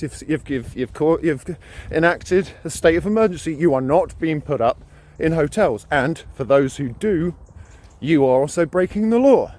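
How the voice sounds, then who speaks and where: A man's voice: a little high, darkish tone. A British man delivering an emphatic, ranting opinion monologue to camera, often repeating his words for emphasis. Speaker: vlogger.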